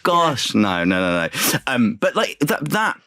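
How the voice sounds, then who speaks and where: A man's voice: mid-range voice, big pitch swings, takes it slowly, bright, forceful tone, dry recording. A man, a chef, talking as a guest on a radio show, enthusiastic and chatty with frequent restarts. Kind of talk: casual interview chat. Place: radio studio.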